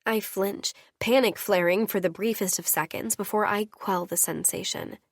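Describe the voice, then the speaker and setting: A woman narrating a romance audiobook in the first person, her reading intimate and unhurried. Her voice sits mid-range, recorded close and dry. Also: mid-range voice, fairly even intonation, no room sound.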